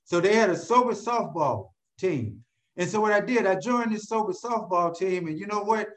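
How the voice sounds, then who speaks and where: A man with a high voice for a man tells his story to a live audience. He is lively and keeps turning to the crowd with questions like "you know what?", and he calls out to people by name. His storytelling is direct and conversational. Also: normal speed. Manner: animated storyteller who keeps asking the crowd rhetorical questions; addresses listeners directly by name. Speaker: speaker sharing his recovery story.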